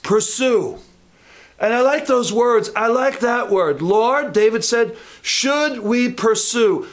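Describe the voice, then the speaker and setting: Emphatic high-voiced male preacher. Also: lively intonation, takes it slowly. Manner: emphatic, asks the congregation questions. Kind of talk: sermon. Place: church.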